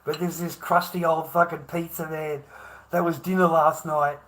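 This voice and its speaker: A man's voice: fairly high pitch, flat delivery, normal speed, a bit bright. An Australian man hosting a livestream, rambling and chatting to viewers, swearing freely, laughing often and calling everyone mate. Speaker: livestream host. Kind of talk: rambling live-stream chat.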